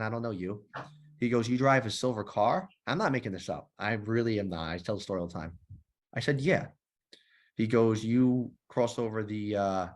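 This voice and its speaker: A man in his thirties, a former police officer, telling his story in a podcast interview in a lively, profane way, acting out the dialogue. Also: on the low side. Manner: animated, profane, acts out dialogue. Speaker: guest, nonprofit founder and former police officer.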